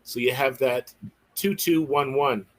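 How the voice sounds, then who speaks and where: A man's voice: medium pitch, measured pace. Man, Bible study host, enthusiastic, affirming, casual discussion. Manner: enthusiastic, affirming, sounds out word rhythms.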